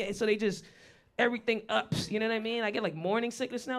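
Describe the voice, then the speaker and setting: A woman's voice: on the high side, fairly even intonation, fast talker. A woman in her thirties doing a stand-up comedy set, blunt, profane and conversational as she tells her stories. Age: 30s. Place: live stage venue.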